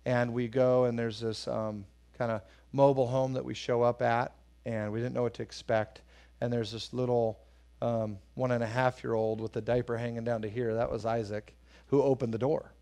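A man's voice: medium pitch, level tone, normal speed, dark tone, smooth. A man preaching a sermon in a conversational way, telling personal stories, acting out voices when he quotes people, and asking the congregation questions. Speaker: pastor.

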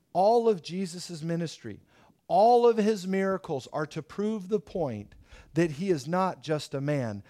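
A middle-aged man preaching a sermon as pastor, telling stories in an animated way. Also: fairly high pitch. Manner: animated storytelling with acted quotes.

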